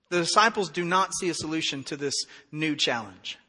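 Bright high-voiced male preacher. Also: brisk, big-room sound. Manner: conversational, animated preaching with acted-out dialogue. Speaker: pastor. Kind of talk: sermon.

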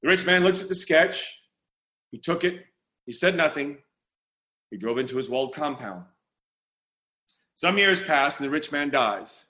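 A man's voice: fairly high pitch, expressive, unhurried, pauses often, bright, forceful tone. A man preaching a sermon, telling a parable and then praying, with earnest, dramatic pacing and emphatic repetition. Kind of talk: sermon storytelling.

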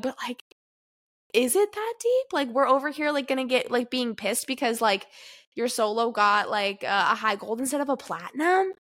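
A woman in her twenties co-hosting a podcast, talking casually with lots of "like" and lively retellings. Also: fairly high pitch, moderate pace. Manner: chatty, heavy use of "like", animated retellings. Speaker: podcast co-host. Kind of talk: casual chat.

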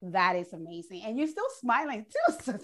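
A woman hosting a casual online chat show, effusive and gushing with excitement about her guest. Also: medium pitch, moderate pace. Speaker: show host.

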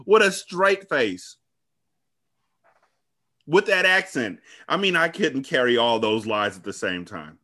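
Lively, bright-voiced podcast guy. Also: medium pitch, a little slow. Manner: animated, profane, laughs often. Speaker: podcast co-host. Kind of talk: casual TV recap chat.

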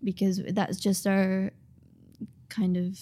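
A woman guest on a podcast, speaking thoughtfully and earnestly in casual conversation, with frequent pauses and restarts. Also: medium pitch, monotone, dark tone. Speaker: author and guest.

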